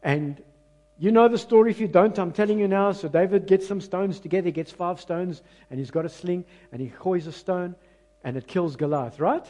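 A South African pastor preaching a sermon with an Afrikaans-mixed accent. He talks to the congregation conversationally, pokes fun at himself, and swings between loud, emphatic lines and hushed ones. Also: high voice, normal speed. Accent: South African, mixing in Afrikaans. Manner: self-mocking, conversational asides to the congregation.

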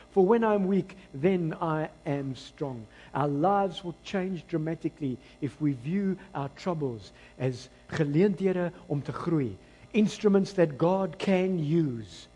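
A man with a South African accent preaching a lively, emphatic sermon to his church. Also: sits high. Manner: animated, rising to emphatic bursts. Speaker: pastor. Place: church hall. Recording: long church hall reverb.

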